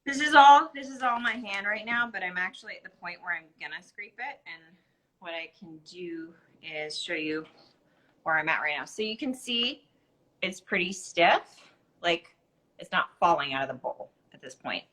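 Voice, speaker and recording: A tired woman with a bright, forceful voice walks through a baking demonstration on a live video call. She explains each step in a chatty way, with a voice a little lower than most women's. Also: moderate pace, rough recording. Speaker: baker showing a recipe. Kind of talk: casual live-stream demonstration.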